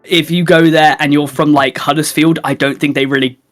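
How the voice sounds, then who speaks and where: A man's voice: on the high side, level tone, brisk, soft background music. English man with a southern accent. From England. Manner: laughs often, self-mocking about sounding posh. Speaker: podcast co-host. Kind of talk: casual chat.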